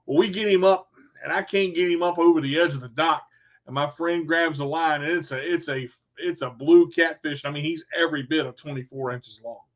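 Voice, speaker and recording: Animated storytelling man, lo-fi sound. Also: a little high, brisk. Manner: animated storyteller, acts out quotes. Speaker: vlogger. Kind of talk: casual storytelling monologue. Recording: dull lo-fi sound.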